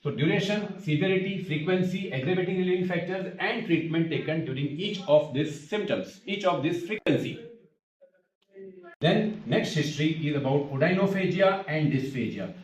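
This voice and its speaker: This is a man giving an ENT lecture. He moves through his points methodically and keeps repeating key terms. His voice sits a bit high and sounds distant, with a roomy echo around it. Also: moderate pace. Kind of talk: medical exam teaching. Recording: echoey room, voice from off mic.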